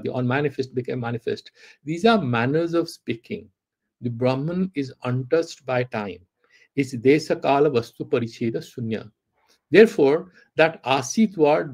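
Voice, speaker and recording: A man's voice: mid-range voice, a little mellow, breathy edge. A man teaching Vedanta, reciting Sanskrit verses and arguing with an imagined student through rhetorical questions. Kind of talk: philosophy lecture with Sanskrit recitation.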